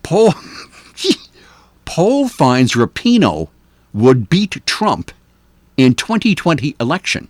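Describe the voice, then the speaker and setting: A man's voice: on the high side, sing-song, slow, long pauses, no echo. An older man hosting a local morning radio show, talking in a casual, opinionated way with many ums and uhs. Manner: chatty, opinionated, hesitant with many fillers. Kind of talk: casual talk radio commentary. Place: radio studio.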